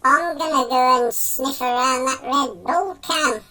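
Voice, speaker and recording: A man voicing a cheeky little male creature sidekick with a squeaky, slow, high Black Country voice. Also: crowd noise.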